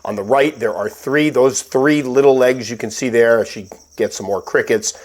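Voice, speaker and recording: A man with a slightly stuffy voice, calmly narrating a casual update about caring for his pet tarantula. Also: medium pitch, normal speed. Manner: calm, explanatory, patient. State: stuffy, recovering from illness. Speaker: tarantula keeper and channel host.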